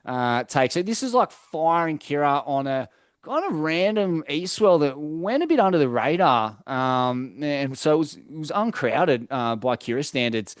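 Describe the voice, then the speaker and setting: A young Australian man chats loosely on a podcast, peppering his stories with swearing and filler words. His voice sits a little high, and it is recorded close and dry with no room sound. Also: lively intonation, moderate pace, clear, resonant tone, no room sound. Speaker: podcast co-host. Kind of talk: casual chat.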